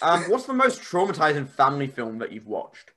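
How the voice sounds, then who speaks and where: Rambling podcast guest. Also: male voice, a little high, fairly quick. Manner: rambling, animated storytelling. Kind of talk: casual podcast chat.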